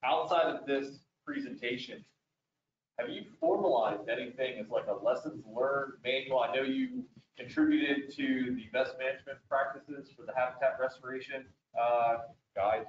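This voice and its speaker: A man's voice: medium pitch, lively intonation, moderate pace, a little hiss or hum. Man asking a question from afar, echoey. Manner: appreciative, wordy. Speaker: board member asking questions. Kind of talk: casual meeting question. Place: meeting room. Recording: distant, echoey, muffled room audio.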